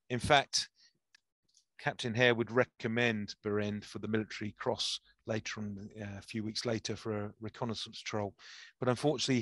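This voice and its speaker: A man giving a history lecture, reading a soldier's memoir aloud with lively enthusiasm and acting out the quoted dialogue. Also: fairly low pitch, no room sound.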